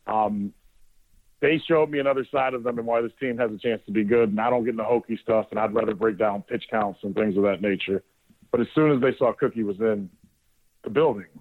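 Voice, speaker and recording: Man telling a rambling radio story. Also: fairly low pitch. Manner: rambling, profane, with frequent restarts. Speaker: sports radio host. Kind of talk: casual storytelling on air. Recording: dry, narrowband phone-like audio.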